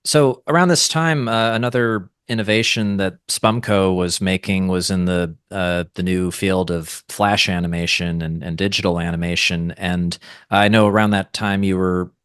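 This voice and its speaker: Man, interviewer, low voice, enthusiastic, dry close audio. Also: fairly even intonation, normal speed, a bit bright, smooth, no room sound. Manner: enthusiastic, admiring. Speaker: interviewer, channel host. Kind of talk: interview questions.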